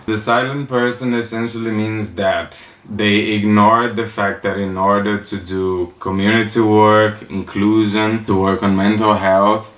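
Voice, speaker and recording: Sassy campy comedian, low voice. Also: male voice, fairly bright tone. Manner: campy, sassy storytelling with acted-out quotes. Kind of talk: stand-up comedy monologue. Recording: roomy echo.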